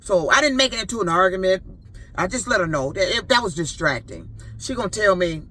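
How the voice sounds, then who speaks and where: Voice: mid-range voice, brisk. Indignant driver in their fifties. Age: 50s. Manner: animated, profane, indignant. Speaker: rideshare driver. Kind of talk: ranting storytime vlog.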